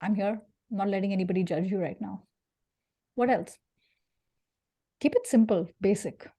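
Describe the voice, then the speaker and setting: Brief: woman from India, career speaker, mid pitch, punchy and playful, quizzes the room. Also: normal speed, husky. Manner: lively, punchy, jokey, quizzes the audience. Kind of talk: interactive workshop talk.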